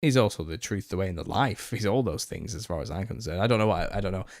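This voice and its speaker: Low-voiced male streamer, dry sound. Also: fast, a little mellow, dry recording. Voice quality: slightly raspy. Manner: reads out chat comments and retorts, exasperated, laughing. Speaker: channel host answering viewer questions. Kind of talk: live-stream Q&A chat.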